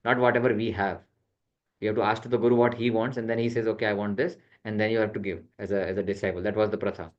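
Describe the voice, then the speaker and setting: A man's voice: lowish voice, level tone, quick pace. A man teaching a scripture class, retelling an epic with acted quotes and Hindi words mixed in. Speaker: spiritual teacher. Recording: dull lo-fi sound.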